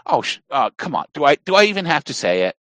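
In casual podcast conversation, a Southern Appalachian man talks at a quick pace in a voice on the high side, with no echo. He's animated, rambling, and keeps straying into side topics.

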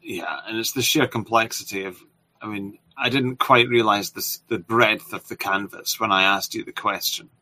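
Bright-toned low-voiced male podcast host. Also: steady tone, moderate pace. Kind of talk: casual interview chat.

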